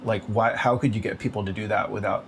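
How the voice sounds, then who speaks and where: Rambling, profane man with a low voice. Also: steady tone, quick pace, gravelly, low-quality recording. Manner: profane, rambling, filler-heavy with frequent 'like'. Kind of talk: rambling casual monologue. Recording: noticeable background noise.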